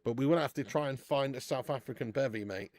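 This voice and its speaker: A man hosts a casual live football watch-along stream, talking fast at medium pitch. He's chatty and excitable, laughing often and loudly greeting viewers.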